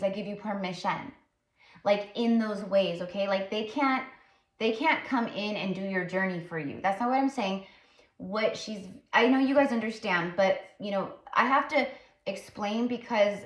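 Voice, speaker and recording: A woman psychic tarot reader talking casually while channeling, rambling and full of fillers. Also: medium pitch. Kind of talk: casual spiritual channeling talk. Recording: roomy echo.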